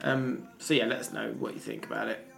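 A man's voice: mid-range voice, flat delivery, a little fast, creaky, fairly bright tone, faint music behind. A man hosting a casual podcast, chatty and jokey, reading out stories and bantering with co-hosts. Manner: chatty, jokey, reads news stories aloud. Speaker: podcast host. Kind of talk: casual chat.

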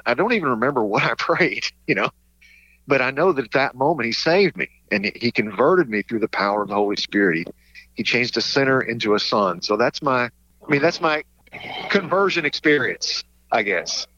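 Bright-voiced man telling his story haltingly. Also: mid-range voice, no echo, highs cut off. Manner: halting, many restarts, chuckles while speaking. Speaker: guest sharing his testimony. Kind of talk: casual conversation.

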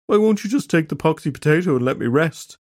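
A man's voice: fairly high pitch, expressive, fast, a little mellow, pitched above the performer's own voice, natural voice. A man voicing an exhausted, exasperated man who pleads and complains in a raised, strained voice. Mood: whining. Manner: pleading and whiny, rising to annoyed outbursts. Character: weary, exasperated mortal man desperate for sleep.

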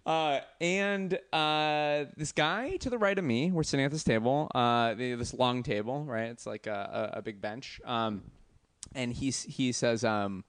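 A man's voice: mid-range voice, measured pace, a bit bright, clean tone, no room sound. Rambling man telling a story. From Los Angeles. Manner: rambling, many fillers and restarts, acts out quotes. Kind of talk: casual storytelling chat.

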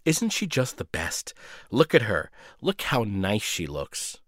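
A man's voice: on the low side, wildly swooping pitch, slow pace, no echo, clean studio sound, full character voice. A man voicing a nosy, cooing older woman who owns a radio station. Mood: prying. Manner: prying, cooing.

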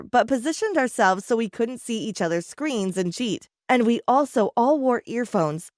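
A woman narrating an animated story in a chatty manner, speaking to the viewer. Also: on the high side, no echo, studio quality.

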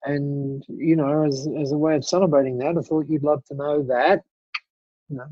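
Husky-voiced man telling a lively story. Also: on the high side, normal speed, no echo, lo-fi sound. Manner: animated storyteller, many restarts and asides. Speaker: guest speaker. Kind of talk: telling an anecdote in conversation.

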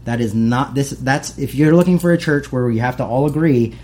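A male pastor preaching in a relaxed, chatty way and slipping into little acted voices for the people he quotes. His tone is mellow and dark, at a middle pitch. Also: fairly quick. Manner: conversational, animated, acts out quoted voices. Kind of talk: casual sermon.

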